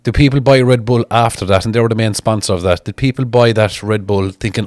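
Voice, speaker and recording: A man's voice: on the low side, fairly even intonation, quick pace, few pauses, no room sound. A man, chatting casually as he reads viewer comments aloud and answers each one in a blunt, mocking, sweary way. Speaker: strongman reading viewer comments. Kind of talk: casual chat.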